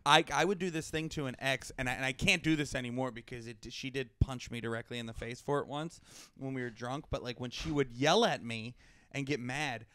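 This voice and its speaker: A man's voice: medium pitch, fairly quick, clean tone. A man co-hosting a casual podcast, spinning playful what-if scenarios. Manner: animated, playful hypotheticals. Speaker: podcast co-host. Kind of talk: casual chat.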